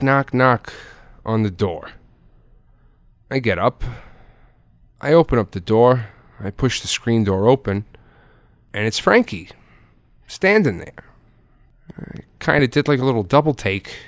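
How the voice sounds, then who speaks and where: A man in his thirties telling a personal story in a conversational way, often dropping low and soft at the ends of phrases. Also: measured pace, long pauses, soft background music. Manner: conversational, drops to a low aside at line ends.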